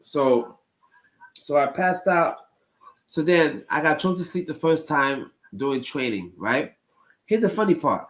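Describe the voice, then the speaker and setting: A man's voice: fairly high pitch, lively intonation, takes it slowly, poor audio. Rambling man telling stories to chat. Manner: rambling, repeats phrases, many fillers. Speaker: streamer talking to chat. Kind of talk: casual storytelling to a live chat.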